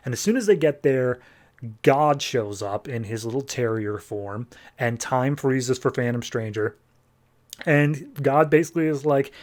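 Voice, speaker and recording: A man's voice: mid-range voice, measured pace, a little mellow. A young man hosting a podcast, who gives a casual review and plot recap of a comic book. He talks in a loose, filler-heavy way. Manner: chatty, filler-heavy, acts out quotes in a loose paraphrase.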